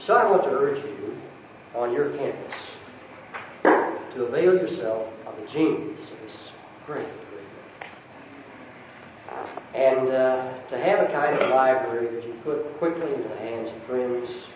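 A man speaks in an unhurried way as he lectures and reads from a story. His voice sits at a middling pitch. The recording is dull and far from the mic, in a big echoey hall with a faint hiss. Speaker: speaker at a Christian campus talk. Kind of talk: lecture with a read-aloud story.

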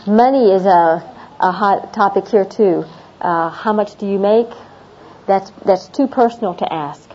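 A woman's voice: mid-range voice, a little mellow. A middle-aged woman talking to a class of international students about everyday customs, chatty and a little rambling. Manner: chatty, repeats herself, laughs at her own stories. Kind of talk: classroom talk on American customs. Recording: dull lo-fi classroom recording with faint noise.

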